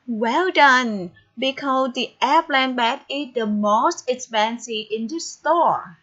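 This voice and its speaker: Encouraging woman English teacher, high voice and slow, deliberate delivery. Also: a bit bright. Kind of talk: online English lesson. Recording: dull, lo-fi recording with faint noise.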